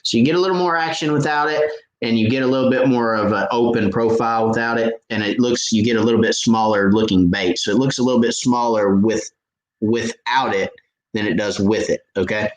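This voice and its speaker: A man's voice: medium pitch, a little fast. Chatty man in a roomy echo. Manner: chatty, laughs at his own jokes, explains with detail. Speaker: fishing channel host answering viewer questions. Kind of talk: casual live Q&A stream.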